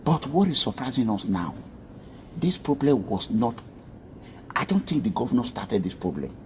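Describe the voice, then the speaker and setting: A man's voice: medium pitch, big pitch swings, normal speed, a little hiss or hum. A man with a Nigerian accent narrating a commentary vlog, chatty and addressing viewers directly.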